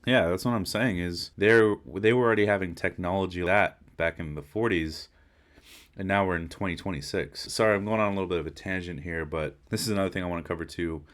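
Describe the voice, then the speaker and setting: A man's voice: low-pitched, quick pace, a bit bright. A man hosting a podcast, giving a casual, slangy, rambling reaction to a video. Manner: laid-back, rambling, slangy.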